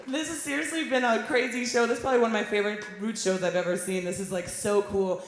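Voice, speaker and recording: A woman's voice: on the high side, lively intonation. A woman singer chatting playfully with the audience between songs on a live stage. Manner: playful, teasing, quick asides. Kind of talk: onstage banter between songs. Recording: roomy live venue sound. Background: faint band and crowd.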